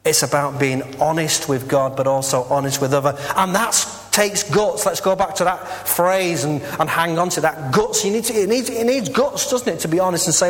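A fairly high-voiced man delivers a sermon with candid, earnest warmth, peppering it with "uh" and "you know." His voice rings out in a long church reverb. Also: moderate pace, few pauses. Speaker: minister. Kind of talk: conversational sermon.

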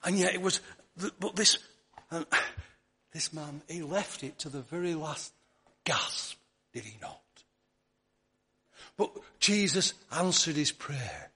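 A man's voice: fairly high pitch, lively intonation, slow pace, long pauses. Earnest man preaching. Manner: earnest, repeats words and stumbles into restarts; drops to a soft near-whisper on key words. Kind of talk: sermon.

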